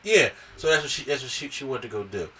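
A man's voice: medium pitch, fast talker, breathy edge, far from the mic. A man on a podcast casually recapping a film and acting out the characters' lines. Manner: animated retelling, acts out the characters' lines. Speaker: podcast host. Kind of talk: casual movie review chat.

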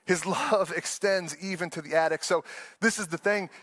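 A man's voice: sits high, normal speed, a bit bright, dry recording. A man preaching an earnest, conversational sermon, often laughing and restarting his sentences. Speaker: pastor.

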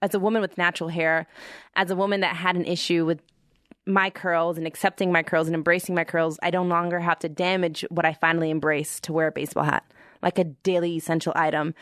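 A young woman telling the story of founding her brand in a chatty, expressive way. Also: on the low side, no echo, clean studio sound. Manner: chatty and expressive, with animated quoted reactions. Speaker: founder of a hair-friendly hat brand. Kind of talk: casual storytelling to camera.

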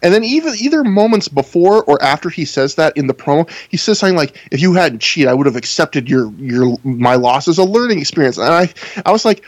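A man in casual podcast chat with a slightly higher voice, recorded close and dry. He talks in a wry, sarcastic way, with frequent laughter. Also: expressive, a little fast, few pauses, no room sound. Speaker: podcast co-host. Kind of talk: casual chat reviewing wrestling.

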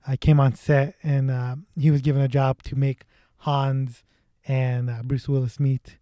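A man's voice: medium pitch, flat delivery, measured pace, dark tone, no echo, clean studio sound. A man casually chatting about movies with a friend, laid-back and joking, swearing now and then.

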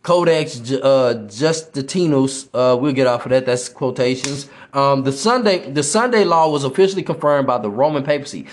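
On a podcast, a man gives informal religious teaching in slangy street speech, often tossing in "right?" and stumbling as he reads aloud. His medium-pitched voice is expressive at a normal speed, with a roomy sound.

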